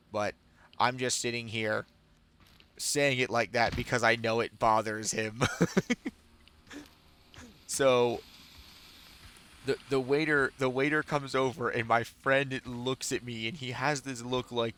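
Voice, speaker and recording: A man streams a game and chats loosely with his audience, drifting from one story to the next and clearly amused by his own telling. His voice sits at an ordinary middle pitch with a gravelly, rough edge. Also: steady tone, a little slow, pauses often, bright, forceful tone. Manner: rambling, self-amused storytelling. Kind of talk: casual chat while streaming a game.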